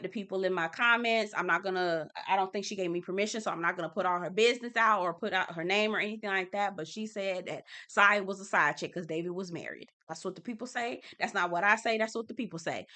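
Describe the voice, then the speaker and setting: Female recap host: bright, forceful delivery, sassy and profane, casual review. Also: fairly low pitch, clear, resonant tone.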